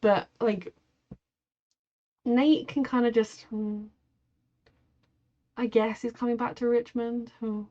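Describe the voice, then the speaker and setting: A woman's voice: on the high side, little pitch movement, takes it slowly, pauses often, warm tone, lo-fi sound. Chatty woman reacting to TV. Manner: chatty and opinionated, with swearing and many fillers. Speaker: TV reaction vlogger. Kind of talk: casual TV reaction commentary.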